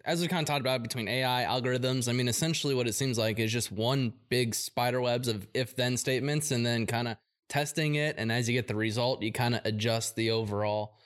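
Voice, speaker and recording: A man with an ordinary mid-range voice asks questions in a relaxed interview. He feels his way through his sentences and often restarts them before landing the point. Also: medium pitch, a little fast, hardly any pauses. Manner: loose, searching phrasing with many restarts. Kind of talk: casual interview chat.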